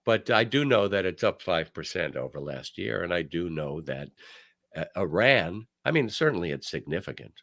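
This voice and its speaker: An older man hosting a talk show, telling stories and giving commentary in an emphatic, animated way. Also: deep voice, moderate pace, vocal fry. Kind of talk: casual commentary.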